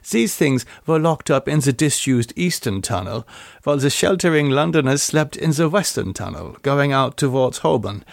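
A man's voice: on the high side, vocal fry, no room sound, clean studio sound. A man voicing a German woman singer who reminisces about her past in a wistful, storytelling way. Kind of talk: audiobook character voice.

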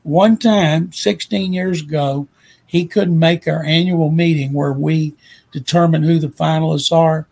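An older man from Texas with a Texan accent, telling a folksy, animated story in a speech, emotional at times. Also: a little high, unhurried, gravelly, husky.

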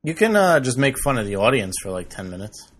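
A man's voice: mid-range voice, very animated, brisk, fairly bright tone, breathy edge. A man hosting a casual comedy podcast, joking around and laughing often. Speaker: podcast host.

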